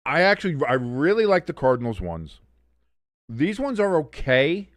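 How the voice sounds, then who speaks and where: A man's voice: a little high, big pitch swings, moderate pace, no room sound. Rambling, swearing man calling a game. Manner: rambling, profane, conversational. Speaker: watch-along streamer and host. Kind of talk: casual live game commentary.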